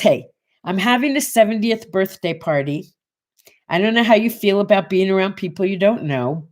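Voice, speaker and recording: A woman in her sixties hosting a morning show, telling a casual story and acting out the voices of the people in it. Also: mid-range voice. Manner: animated, acts out voices in her anecdotes.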